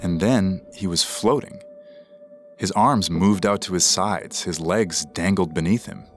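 A man with a very low voice tells a true story in scripted podcast narration. His delivery is measured and dramatic. Soft music plays faintly underneath.

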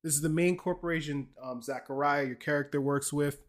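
Guy on a podcast, kinda high voice, walking through a game's lore, jokey. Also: fairly quick. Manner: explaining a game's story, joking with his co-host. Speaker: podcast host. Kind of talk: casual chat.

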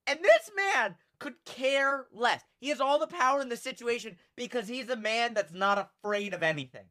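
A high-pitched man with a bright, sharp voice, chatting on a podcast. He tells stories with animation and slips into voices for the people in them. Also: normal speed. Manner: animated storytelling, acts out quoted people. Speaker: podcast co-host. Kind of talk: casual podcast chat.

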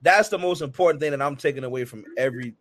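A man's voice: medium pitch, fast, fairly bright tone, no room sound. A man hosting a casual interview, talking in an earnest, slangy, praising way. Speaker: podcast host.

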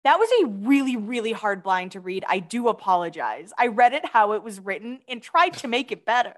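A woman's voice: medium pitch, expressive, brisk. A young adult woman co-hosting a casual podcast, chatty and giggly, reading out gossip items. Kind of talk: casual chat.

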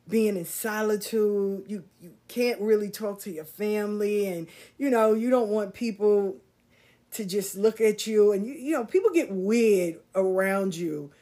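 A middle-aged woman telling a personal story, candid and animated, swearing casually and using slang. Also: mid-range voice. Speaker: podcast host.

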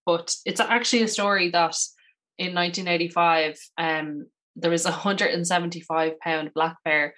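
A woman co-hosting a podcast in casual chat, gossipy and animated, often saying "like". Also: low voice. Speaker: podcast co-host.

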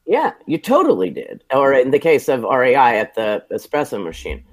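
An American man, a television producer, telling lively, self-deprecating stories from his career in a casual interview. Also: mid-range voice, normal speed. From United States.

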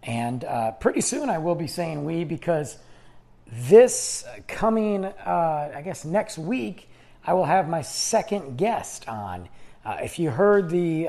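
A man with a slightly high, gravelly, dark voice hosts his own podcast, delivering a casual solo monologue. He rambles chattily and keeps restarting sentences as his voice gives out.

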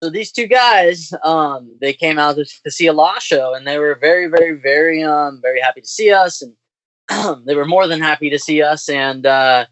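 A young man in his twenties speaks in a slightly high voice as a podcast guest. He stops often with ums and restarts his sentences. The sound is close and dry. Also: moderate pace, a bit bright, dry recording, poor audio. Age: 20s. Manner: hesitant, many ums and restarts. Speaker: touring musician guest. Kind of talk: casual podcast conversation.

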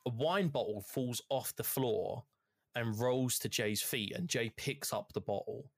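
A man's voice: mid-range voice, unhurried, dry recording. A man telling a story from a video game in casual podcast chat, swearing freely as he gets into it. His voice sits mid-range, and the sound is dry and close. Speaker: podcast co-host.

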